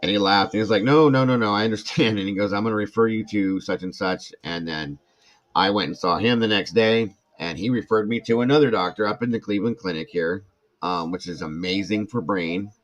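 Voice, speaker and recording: A man's voice: fairly low pitch, fairly even intonation, brisk, dull audio. An older man, telling a long personal story as a podcast host in casual chat and acting out what others said. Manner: rambling, acts out quoted speech.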